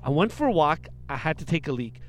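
A young man co-hosting a comedy podcast, ranting loudly in casual banter. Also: on the high side, fast talker. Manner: loud, animated ranting. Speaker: podcast co-host.

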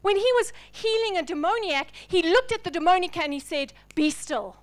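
A woman pastor delivering a sermon, swinging between loud, forceful declarations and hushed whispers. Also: extremely high pitch, lively intonation, brisk.

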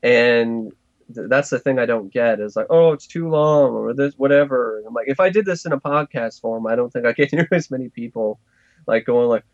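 A man's voice: medium pitch, brisk, no room sound. A male podcast co-host rambles along in casual chat, hedging and restarting his sentences. The recording is dry, with no room sound, and a little dull and lo-fi.

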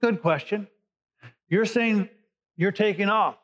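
A man's voice: high-pitched, slow pace. Man preaching in a conversational sermon. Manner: conversational Bible teaching, paraphrasing scripture. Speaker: pastor. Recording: dull lo-fi recording.

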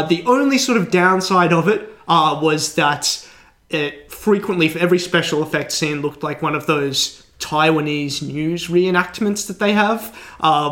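An Australian man co-hosts a podcast in a slightly raised, a bit bright voice. Chatting casually, he rambles through long anecdotes, restarting sentences and piling up fillers.

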